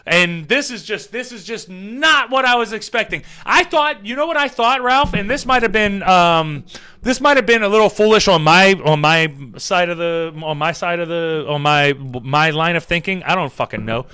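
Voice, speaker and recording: High bright-voiced rambling male podcaster. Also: normal speed, smooth. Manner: rambling, animated, many fillers and restarts; swears casually. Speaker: podcast host. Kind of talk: casual comedic storytelling.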